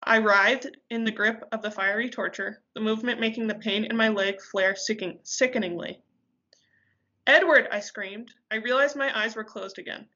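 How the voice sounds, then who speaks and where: Woman reading a book out loud, bright voice, dullish lo-fi audio. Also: mid-range voice, fairly even intonation, moderate pace, hardly any pauses. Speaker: reader.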